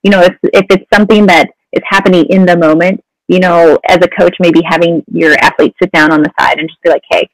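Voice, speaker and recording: A woman's voice: on the low side, steady tone, fast, hardly any pauses, no echo, rough recording. A woman counselor talking casually as a podcast guest, often saying "you know". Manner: conversational, many "you know" fillers. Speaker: mental health counselor guest.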